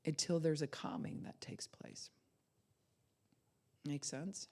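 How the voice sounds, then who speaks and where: With a deep voice, a middle-aged woman pastor gives an animated, conversational teaching sermon. Her delivery lurches from loud bursts to quiet, unhurried asides.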